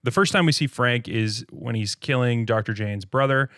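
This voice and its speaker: A man's voice: mid-range voice, moderate pace, dry recording. Guy on a movie podcast, laughing a lot, mid voice, dry close mic. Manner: animated, laughs often, jokey retelling. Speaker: podcast co-host. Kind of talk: casual movie-review chat.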